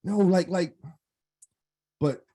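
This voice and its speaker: A man giving an emphatic, high-energy motivational talk as a guest speaker on an online group call, repeating phrases for emphasis. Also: slow pace, mellow. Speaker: guest speaker and content mentor. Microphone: online call microphone.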